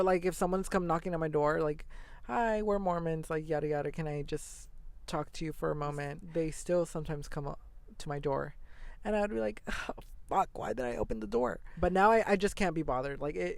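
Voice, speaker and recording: Gravelly young man, rambling storyteller. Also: on the high side, no room sound. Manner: rambling, animated storytelling with fillers and swearing. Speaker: podcast host. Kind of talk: casual solo monologue.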